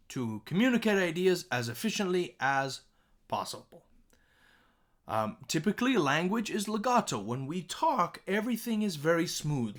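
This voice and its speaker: A man teaching a music composition lesson, repeating words aloud to show their pitch and often checking in with "okay?". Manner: animated, sing-song emphasis. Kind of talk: recorded classroom lesson.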